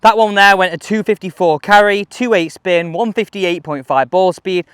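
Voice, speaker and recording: A middle-aged man with a fairly high voice, giving casual golf-coach commentary on a range. He is animated and chats to himself between shots, and the sound is close and dry. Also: moderate pace, clear, resonant tone, no echo.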